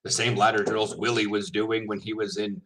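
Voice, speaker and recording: A man's voice: fairly low pitch, flat delivery, moderate pace, fairly bright tone, poor audio. A man, a semi-pro linebacker, chatting casually to viewers, rambling, laughing often and correcting himself, with his mouth full.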